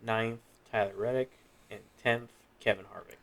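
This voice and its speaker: A man's voice: on the low side, fairly even intonation, moderate pace, vocal fry, fairly bright tone. A young man co-hosting a casual racing podcast, tired after a drive, easygoing as he lists standings. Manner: easygoing, reads standings in a list. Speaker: podcast co-host. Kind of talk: casual chat.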